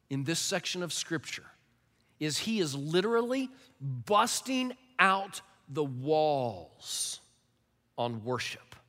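Pastor man giving a sermon, high and piercing tone, loose and joking, reverberant church. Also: a bit bright. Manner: conversational, joking asides, repeats words. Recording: long reverb in large hall.

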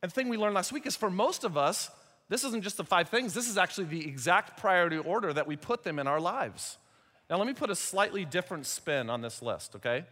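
A man's voice: sits high, lively intonation, a little fast, bright, forceful tone. A middle-aged man preaching a sermon in a conversational, joking way, putting rhetorical questions to the congregation. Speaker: pastor. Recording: long hall reverb.

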